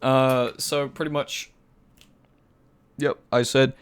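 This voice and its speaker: Young english guy rambling through a story, um and uh everywhere, swears a lot, smooth clean voice. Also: medium pitch, steady tone, a little slow. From England. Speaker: podcast co-host. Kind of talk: casual chat, storytelling.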